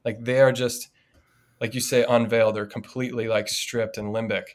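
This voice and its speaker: A man's voice: mid-range voice, moderate pace. A man, a priest co-hosting a podcast, telling a personal story in a casual, reflective way. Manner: storytelling, reflective, animated in anecdotes. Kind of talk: casual conversation.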